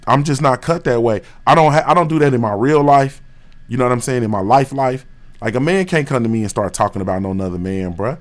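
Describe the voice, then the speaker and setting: A man from Dayton, Ohio, hosting a boxing talk livestream in a heated, profane, slang-filled rant. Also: fairly low pitch. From West Dayton, Ohio, USA. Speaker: boxing talk show host.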